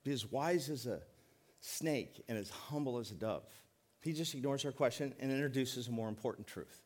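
Middle-aged male pastor, folksy sermon delivery, mid-pitched, slows down to stress key points. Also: darkish tone. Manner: folksy, joking, emphatic preaching with slowed stresses.

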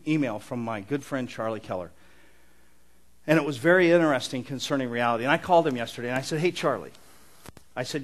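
Earnest conversational male preacher. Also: medium pitch. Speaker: pastor. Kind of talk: sermon.

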